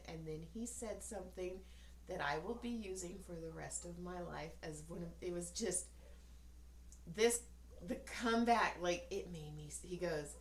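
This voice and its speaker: A woman in her thirties with a fairly low voice chats on a podcast, telling stories with lots of laughter and playful voiced quotes. The room echoes around her, with a faint hum of ambience behind. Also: normal speed. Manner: laughs often, animated storytelling with voiced quotes. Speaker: podcast co-host. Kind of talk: casual chat. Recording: roomy echo, faint ambience.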